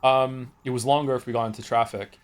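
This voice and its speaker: A Welsh man in his forties chats casually on a stream, his mid-range voice steady, fairly quick, clear and resonant. He tells rambling, profane stories, restarting often.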